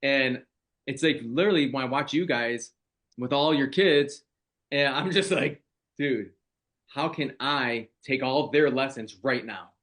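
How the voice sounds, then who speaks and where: A man with a medium-pitched voice hosting a casual podcast. He is brash and excitable and swears freely, often rushing through his lines. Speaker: podcast host.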